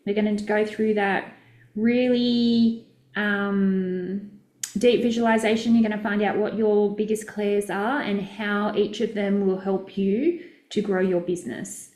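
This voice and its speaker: A woman's voice: mid-range voice, fairly even intonation, measured pace, darkish tone, echoey room. A middle-aged Australian woman coaching in a chatty, direct, upbeat way during a casual live stream. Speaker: business coach.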